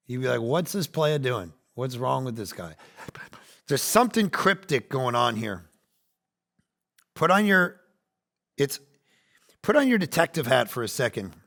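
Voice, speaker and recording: Pastor, male, 40s: gravelly, bright sermon voice, animated, dips to hushed then builds up. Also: mid-range voice, measured pace, long pauses. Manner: animated, acts out quoted voices, swings between loud and hushed.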